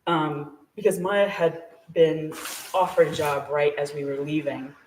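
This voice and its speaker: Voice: mid-range voice, little pitch movement, unhurried, a little hiss or hum. A guest telling a personal story at a live event, chatty and full of fillers, laughing often. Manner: chatty, filler-heavy with frequent "like". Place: small shop hosting a live event. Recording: echoey room, voice from a distance.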